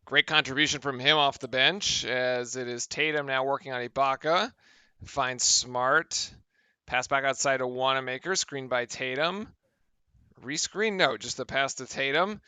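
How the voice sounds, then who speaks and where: A man calling a basketball game play-by-play, with brisk, excited calls of the action. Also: medium pitch, clean tone, dry recording. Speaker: play-by-play commentator.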